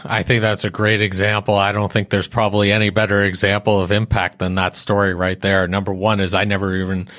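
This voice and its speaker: Male interview host, friendly and appreciative, lowish voice, dry close sound. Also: flat delivery, brisk, hardly any pauses, fairly bright tone, dry recording. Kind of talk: conversational interview.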